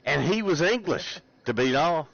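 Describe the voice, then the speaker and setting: A man's voice: fairly high pitch, expressive, normal speed, vocal fry. A man hosting a casual gaming session, teasing his friends in a laid-back way and laughing easily. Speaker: channel host and gamer. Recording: lo-fi voice chat with noise.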